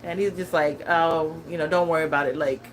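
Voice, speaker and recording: Woman vlogger, thirties, low voice, casual chat, laughs a lot, lots of fillers. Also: fairly even intonation, a little fast, low-quality recording. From California. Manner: chatty, laughs often, many fillers and restarts. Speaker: lifestyle vlogger.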